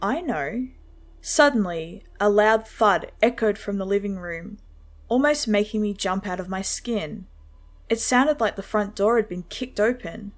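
A woman narrating a first-person horror story in a steady, measured storytelling way. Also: mid-range voice.

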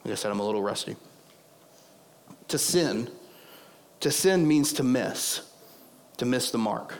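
A hoarse man preaching a sermon as pastor, conversational and prone to digressing. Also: mid-range voice, animated, unhurried. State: hoarse, losing his voice.

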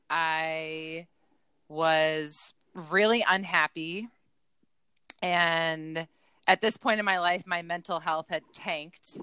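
A woman co-hosting a casual fitness podcast, her voice bright and forceful with a smooth, crisp tone. She tells her story earnestly, slipping into quoted lines of her past self. The sound is dry and close, with no room around it. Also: fairly low pitch, no echo. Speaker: podcast co-host, fitness coach.

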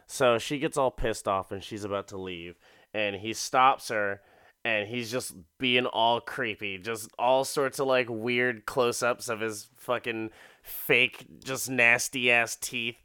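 A man's voice: medium pitch, steady tone, takes it slowly, sharp tone, clean tone, no echo, studio quality. A man casually retelling a movie plot in a profane, rambling way, often laughing. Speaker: film recapper.

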